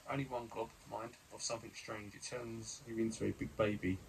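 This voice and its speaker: A loyal, friendly sailor, voiced by a man reading a gamebook aloud who chats in a matter-of-fact way. The voice sits fairly low and has a gravelly edge. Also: flat delivery, fairly quick, a little hiss or hum, rough recording. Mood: explaining.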